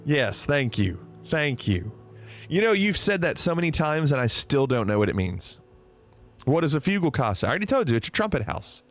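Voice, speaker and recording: A man's voice: on the high side, big pitch swings, normal speed, faint music behind. A man casually chatting on a livestream, reading out viewer comments, teasing and laughing often. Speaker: streamer.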